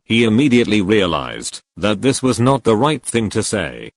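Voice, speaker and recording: A man narrating a fan fiction story aloud in a lively storytelling way. His voice sits low, swings widely in pitch, and sounds dry and close. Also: moderate pace, dry recording.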